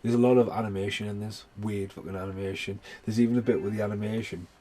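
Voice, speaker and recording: A man's voice: lowish voice, fairly even intonation, fast, dark tone. A man giving a rambling, heavily sworn casual film review, full of fillers. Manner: swears a lot, rambling with many fillers. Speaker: movie reviewer.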